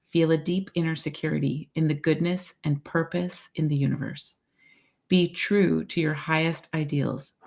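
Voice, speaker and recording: Low, gravelly woman reading calmly. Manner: calm, measured reading. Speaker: podcast co-host reading meditation. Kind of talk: reading a meditation aloud.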